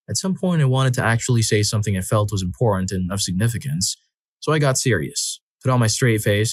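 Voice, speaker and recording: A man with a fairly low voice narrates a string of short personal stories, reading them expressively and leaning into the drama. His voice is recorded close and dry, with no room sound around it. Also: dry recording. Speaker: story narrator. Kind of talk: scripted narration of reader stories.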